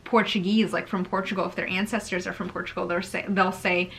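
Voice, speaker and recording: Bright-voiced chatty young woman vlogger. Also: on the low side, fairly quick, vocal fry, a little hiss or hum. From Brazil. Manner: chatty and animated, laughs between points. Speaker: YouTuber. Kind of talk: sit-down talking-to-camera vlog.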